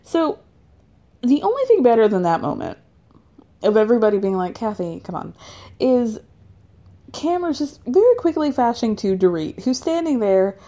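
Chatty, foul-mouthed woman with a mellow voice. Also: fairly high pitch, sing-song, normal speed, pauses often. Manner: chatty, profane, laughs while retelling. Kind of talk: casual reality-TV recap.

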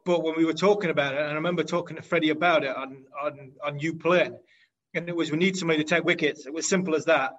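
A former cricketer hosting casual chat, asking easy, direct questions. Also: male voice, fairly high pitch, fairly even intonation, fast talker, a bit bright, dull audio. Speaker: former cricketer, podcast host.

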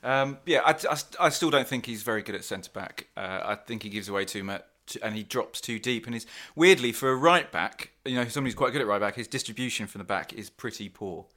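Bright-voiced hesitant man. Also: on the low side, quick pace, hardly any pauses. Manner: hesitant, lots of ums and restarts. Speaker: podcast co-host. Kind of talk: casual banter.

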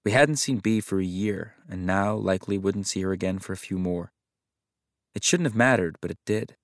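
Low-voiced man reading a story. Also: normal speed, no room sound, clean studio sound. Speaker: story narrator. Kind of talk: audiobook narration of a short story.

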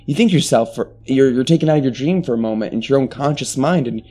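Mellow-voiced man narrating a tabletop game. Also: medium pitch, fast talker, soft background music. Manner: rambling, full of restarts and fillers. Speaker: game master.

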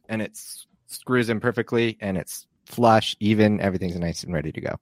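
A man's voice: medium pitch, a little fast, few pauses, a bit bright. A man playing in a tabletop game, casually describing his character's actions step by step. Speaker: player.

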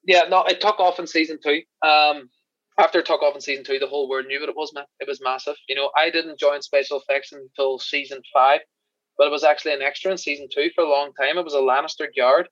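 An Irish man tells lively, profane stories at a quick clip. His voice is bright and a touch high, recorded dry with a slightly dull, lo-fi sound. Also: no echo. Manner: animated, swearing, laughing storyteller. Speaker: podcast guest, special effects crew member. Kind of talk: casual storytelling chat.

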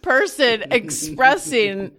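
A woman guest on a podcast, chatting casually and excitably. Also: on the high side, slow, crowd noise. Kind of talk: casual chat.

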